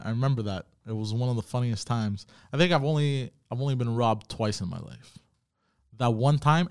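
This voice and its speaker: A young man hosting a podcast alone, telling stories casually with lots of swearing and reacting to chat comments. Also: medium pitch. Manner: profane, animated storyteller reading chat comments. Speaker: podcast host. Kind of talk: casual solo podcast storytelling.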